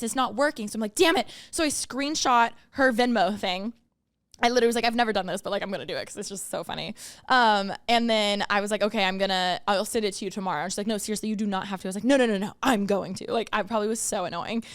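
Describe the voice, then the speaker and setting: A young woman co-hosting a podcast, racing through an animated story full of fillers and acted-out quotes. Her voice sits a little high and sounds smooth and clean. The close mic leaves it dry, with no room around it. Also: dry recording. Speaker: podcast co-host. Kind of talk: casual chat.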